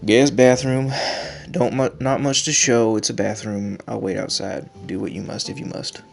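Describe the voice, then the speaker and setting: A man's voice: lowish voice, normal speed, vocal fry, soft background music. A man voicing a curt, aloof young woman showing a guest around her house in a story game. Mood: dry. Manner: curt, flat.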